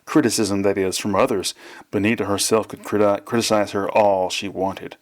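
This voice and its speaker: A man, the author, reading his novel aloud in a plain, measured way. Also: on the low side, fairly even intonation.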